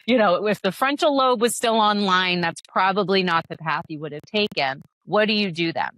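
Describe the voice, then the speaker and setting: A woman with a medium-pitched, slightly bright voice speaks at a moderate pace, with no room sound. She's a guest on a conversational podcast interview, talking candidly about parenting as a yoga teacher, laughing often and restarting her sentences.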